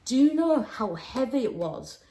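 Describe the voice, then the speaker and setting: A young woman hosting a casual storytime podcast, talking animatedly and dropping low and hushed when she quotes people. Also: moderate pace. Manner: animated, swings between raised exclaiming and low, hushed quoting. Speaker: podcast host.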